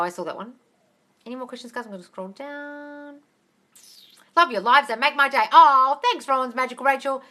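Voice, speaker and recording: Bright-voiced woman coaching on a live stream. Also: high voice. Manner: calls listeners "darling", casual swearing; upbeat, encouraging. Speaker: manifestation coach. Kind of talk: live-stream Q&A, reading viewer comments. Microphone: phone camera.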